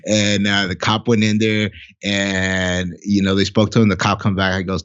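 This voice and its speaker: Deep-voiced man telling a blunt personal story. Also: flat delivery, moderate pace, fairly bright tone, smooth, muffled recording. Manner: blunt, profane, heartfelt storytelling. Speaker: podcast guest. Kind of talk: candid casual conversation.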